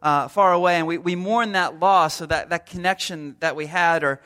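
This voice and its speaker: A pastor in his thirties with a high voice preaches in a relaxed, joking way, acting out small everyday scenes. His tone is bright and forward, and his delivery is loose, full of fillers and restarts. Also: moderate pace. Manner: humorous storytelling, acts out little scenes. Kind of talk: conversational sermon.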